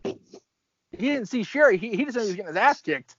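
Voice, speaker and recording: A man's voice: extremely high pitch, expressive, fast talker, a bit bright. A man in his thirties co-hosting a casual podcast, reacting emotionally as he watches a match, swearing and exclaiming. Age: 30s. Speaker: podcast co-host. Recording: dull lo-fi dry sound.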